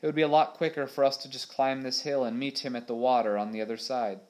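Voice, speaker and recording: A man's voice: medium pitch, steady tone, fast, a little mellow, natural voice. A man doing a bold, eager young boy.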